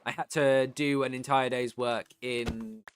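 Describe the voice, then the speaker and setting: A tired British man chatting casually on a live stream, swearing freely and getting loud and worked up when he rants. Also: mid-range voice, steady tone, measured pace, smooth. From Britain.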